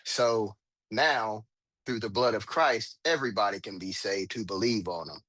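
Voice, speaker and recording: A man's voice: lowish voice, normal speed, fairly bright tone, no room sound. A man in a study group asking a question in a hesitant way, with lots of ums and uhs.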